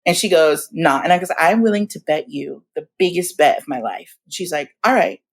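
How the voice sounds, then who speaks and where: A woman in her forties telling stories in casual chat as a guest, animated and laughing often, acting out the voices of people she quotes. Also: deep voice, fairly quick, breathy edge. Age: 40s. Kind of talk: casual storytelling.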